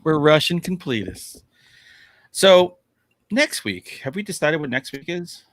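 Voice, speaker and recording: A man's voice: a little high, measured pace, dry recording. A man co-hosting a horror movie podcast in casual chat, joking and wrapping up the episode. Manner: jokey, animated, wraps up the show. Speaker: podcast co-host.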